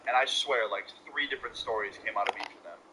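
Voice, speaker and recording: A young man telling a storytime vlog in an animated, mocking, profane way. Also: on the low side, fast talker. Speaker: vlogger. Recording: loud hissy home recording.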